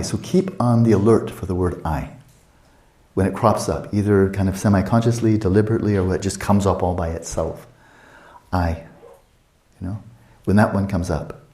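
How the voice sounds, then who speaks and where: A man in his sixties teaching a meditation retreat, talking calmly and reflectively and asking many searching questions. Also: on the low side. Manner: calm, reflective, asks many rhetorical questions.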